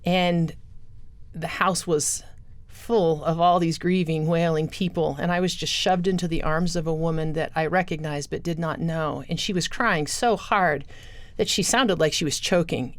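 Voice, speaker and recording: A middle-aged woman, a guest in a studio interview, earnestly tells her life story as personal testimony, acting out the voices she quotes. Her voice is low and steady at a normal speed.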